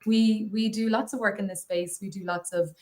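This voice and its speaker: A woman's voice: medium pitch, fairly even intonation, normal speed. A woman guest on a podcast interview, talking chattily and enthusiastically with plenty of fillers. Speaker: guest, consultancy associate partner.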